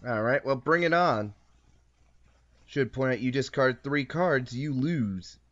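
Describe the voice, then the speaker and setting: A man's voice: mid-range voice, lively intonation, slow, a bit bright, highs cut off. A man casually narrating his moves in an online card game, teasing his opponent and correcting himself as he goes. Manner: explains each move, playful taunts, frequent self-corrections. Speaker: host and card game player.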